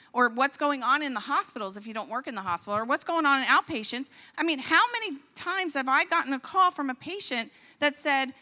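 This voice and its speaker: Bright-voiced indignant woman in a reverberant hall. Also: sits high. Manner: animated, indignant, rising to exclamations. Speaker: physician speaker. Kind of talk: impassioned church talk. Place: large church hall.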